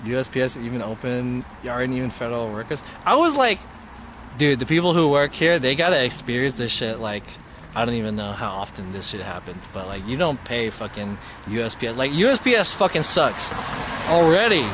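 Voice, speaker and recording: A young man streaming live, telling a story in a slangy, profane, animated way. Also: medium pitch, brisk. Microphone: mobile streaming mic. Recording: loud street and traffic noise.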